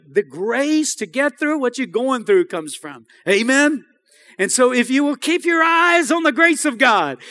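A man's voice: very high voice, pushed and bright. A man preaching a sermon as pastor, emphatic, often asking the congregation for an "Amen.". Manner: emphatic, repeats phrases and asks the congregation "Amen?".

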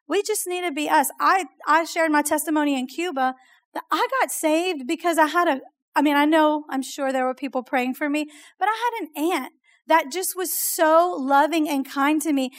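High-voiced woman preaching. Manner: animated storytelling, chatty with "like" and "oh my gosh". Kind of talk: sermon.

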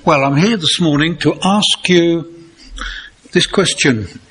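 A man's voice: on the high side, takes it slowly, a bit bright, slightly rough. A man from England preaching a conversational sermon, talking directly to his congregation and asking them questions.

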